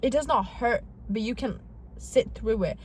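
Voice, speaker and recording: A woman's voice: a little high, a little slow, slight background noise. A young woman vlogging to camera in casual talk, chatty and dramatic, with self-mocking asides.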